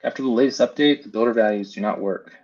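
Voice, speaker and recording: A man's voice: mid-range voice, fast talker, darkish tone, highs cut off. A man teaching a casual screen-share tutorial, thinking aloud as he builds. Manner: thinks aloud while building, talks to himself. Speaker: FlutterFlow trainer.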